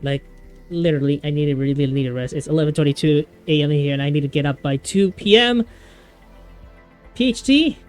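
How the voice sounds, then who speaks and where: A young adult streamer talks casually to viewers, rambling along with plenty of fillers and false starts. The voice is smooth and clear, pitched in a middle register, with faint music underneath. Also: fairly quick. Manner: rambling, with many fillers and restarts. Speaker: VTuber streamer. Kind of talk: casual livestream chat.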